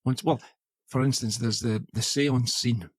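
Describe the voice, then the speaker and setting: A man's voice: mid-range voice, steady tone, measured pace, no echo. A man co-hosting a podcast, chatting casually about an old film, rambling with lots of fillers and restarts. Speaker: podcast co-host.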